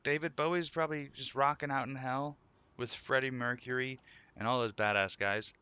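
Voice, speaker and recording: A man's voice: mid-range voice, fairly even intonation, moderate pace, sharp tone, smooth, no room sound, dull audio. A man live streaming, chatting casually in a joking, rambling way. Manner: joking, rambling, laughing often. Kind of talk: casual chat.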